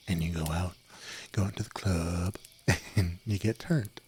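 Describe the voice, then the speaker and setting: Speaking softly into a desk microphone without a windscreen, a young male streamer with a very low voice chats with viewers before bed in a late-night stream. His tone is steady and a little slow as he rambles, giggles, and slips into whispers. A faint hiss runs beneath the recording.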